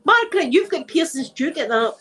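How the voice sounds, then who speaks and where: A woman's voice: high-pitched, sing-song, fairly quick, fairly bright tone, poor audio. A Scottish woman hosting a casual livestream from home, chatting with viewers in a rambling, laughing way, with a blocked nose. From Scotland. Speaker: ASMR channel host. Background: faint music playing.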